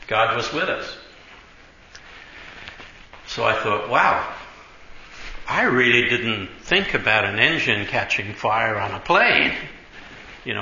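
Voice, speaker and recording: A man with a lowish, sharp-toned voice tells stories during a sermon in a relaxed, chatty manner, frequently adding "you know" and "right" and laughing now and then. The recording is roomy and dull, carrying faint noise.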